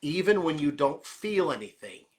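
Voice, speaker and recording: A man voicing God as a calm, gentle presence who speaks softly and steadily. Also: on the high side, moderate pace. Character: calm, gentle male divine voice.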